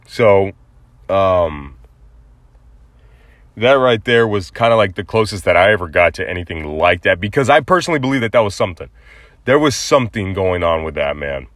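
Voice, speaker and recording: A man's voice: low-pitched, fairly bright tone, dry recording. A man hosting a podcast, telling a personal story casually, rambling with many fillers and restarts. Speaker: podcast host.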